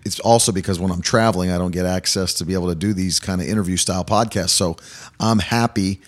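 Upbeat low-voiced male podcast host. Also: fast. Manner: upbeat, energetic, chatty with fillers. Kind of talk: casual interview chat. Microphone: studio mic.

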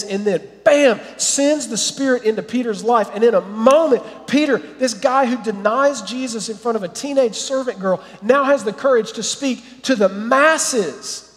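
High-voiced preaching pastor in a hall. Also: male voice. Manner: animated preaching that drops to soft, quiet prayer. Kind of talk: sermon.

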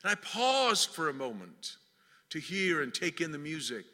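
Bright-voiced preacher in an echoing hall. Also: male voice, a little high, very animated, moderate pace. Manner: dramatic swings from loud declaiming to hushed near-whispers. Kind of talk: sermon. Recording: long reverb of a large hall.

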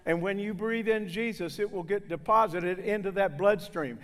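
A man from southern Indiana preaching a sermon to a congregation, loud and exclaiming, with folksy jokes. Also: sits high, normal speed. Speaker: guest preacher. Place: church sanctuary. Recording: reverberant hall.

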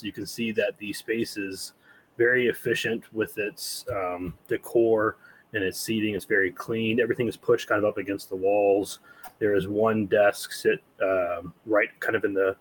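A man running a tabletop game as game master, narrating in a halting way with many pauses. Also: lowish voice, poor audio. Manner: halting, full of fillers and restarts.

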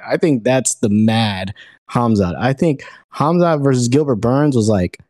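A man's voice: medium pitch, very animated, moderate pace, dark tone, no room sound, studio quality. A man in a casual sports chat who stumbles over repeated words when he starts a thought. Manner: stammering repeats, laughs easily.

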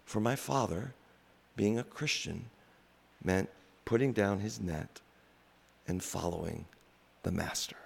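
A man preaching a sermon slowly and reflectively, with pauses. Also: low-pitched, vocal fry. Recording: long reverb in a large hall.

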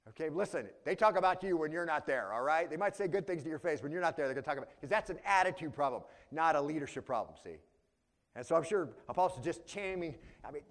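A male pastor delivers an expository sermon, working through the text verse by verse. His fairly high voice is expressive and brisk, and he speaks conversationally, often checking in with the congregation while alternating between loud emphasis and quiet asides.

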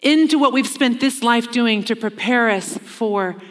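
Earnest woman preaching in a reverberant hall. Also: fairly high pitch. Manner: earnest, slows down for emphasis, acts out quoted lines. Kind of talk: sermon. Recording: long reverb of a large hall.

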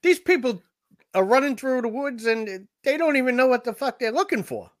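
A man's voice: extremely high pitch, expressive, normal speed, no room sound. A man in a casual podcast chat about a film, blunt and swearing freely. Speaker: podcast co-host. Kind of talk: casual movie discussion.

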